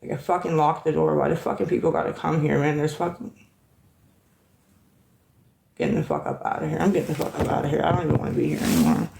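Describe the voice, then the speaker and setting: A woman's voice: deep voice, expressive, fast, vocal fry, long pauses, a little mellow, poor audio. A woman livestreaming on her phone, ranting in an agitated, profane way and rambling between topics. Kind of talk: rambling live-stream talk.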